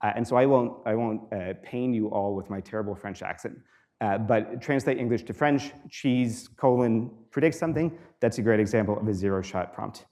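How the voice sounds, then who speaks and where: A man giving a university guest lecture in a relaxed, explanatory way, with frequent fillers, repeating students' questions aloud. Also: lowish voice, brisk. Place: lecture hall.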